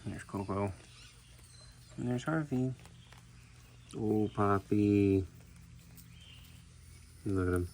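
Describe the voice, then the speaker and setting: A man who keeps an animal sanctuary, narrating a casual vlog and chatting gently to the animals. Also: on the low side, extremely slow, long pauses. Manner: relaxed, chatty, speaks softly to the animals.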